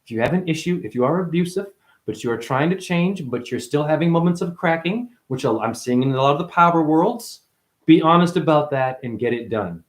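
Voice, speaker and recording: A man hosting a livestream, giving a rambling, profane, preachy spiritual monologue with sudden high, loud exclamations. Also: expressive, brisk. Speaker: livestream host.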